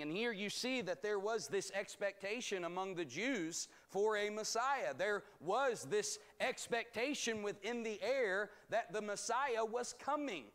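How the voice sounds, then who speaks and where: A man teaching a bible study as pastor, reading scripture aloud and explaining it in a measured, emphatic way. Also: sits high, fairly bright tone. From United States.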